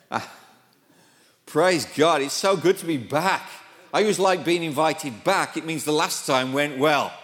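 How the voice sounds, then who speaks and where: Joking British preacher in a big hall. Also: male voice, medium pitch, a bit bright. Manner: joking, self-deprecating. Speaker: guest preacher. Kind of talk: sermon. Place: church sanctuary. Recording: long reverb of a large hall.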